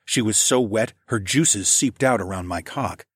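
A man narrating an erotic audiobook in the first person, in a soft, hushed, low-key delivery. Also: a little slow, slightly rough, no room sound, studio quality.

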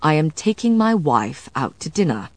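A woman voicing a composed, protective male scholar who speaks calmly and firmly, in clipped phrases, as an audiobook figure. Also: a little high, normal speed, no echo. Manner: calm, firm, clipped.

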